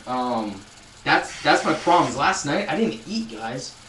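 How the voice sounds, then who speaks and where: A man's voice: mid-range voice, sing-song, slow, fairly bright tone, roomy sound, recorded from a distance, slight background noise, low-quality recording. A man in his twenties chatting casually on a live stream, telling a rambling story with many restarts and addressing viewers. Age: 20s. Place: loud room.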